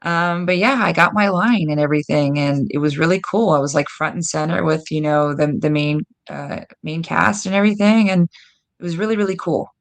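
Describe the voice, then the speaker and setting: Low gravelly woman telling stories. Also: fairly quick. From United States. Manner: animated, lots of "like" and quoted dialogue. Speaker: guest. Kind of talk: casual storytelling.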